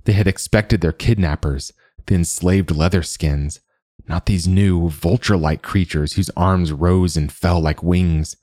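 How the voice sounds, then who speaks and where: A man narrating a dark fantasy audiobook in a measured, deliberate way. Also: low-pitched, fairly even intonation, no echo, studio quality.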